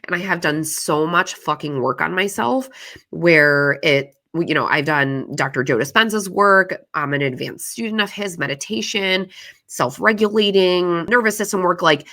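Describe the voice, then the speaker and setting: A woman with a fairly low, sharp-toned voice hosts a candid solo podcast, talking at normal speed. She tells her story in a casual, confessional way, swearing freely and filling her speech with lots of "like."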